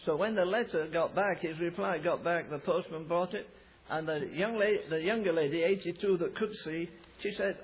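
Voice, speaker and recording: A man preaching a sermon, telling a revival story and acting out the voices of the people in it, building to loud, emphatic climaxes. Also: high-pitched, moderate pace, breathy edge. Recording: dull lo-fi recording.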